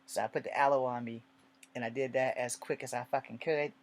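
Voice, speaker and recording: A man's voice: mid-range voice, fairly even intonation, brisk. A man telling a personal story in a casual, rambling way, swearing often and drifting into asides. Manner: rambling and profane, with many asides.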